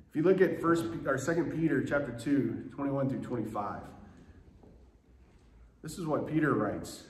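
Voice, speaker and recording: Pastor guy preaching a sermon, animated storyteller, echoey church room, bit of ambient hum. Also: mid-range voice. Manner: animated storytelling, acting out quoted voices. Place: church sanctuary.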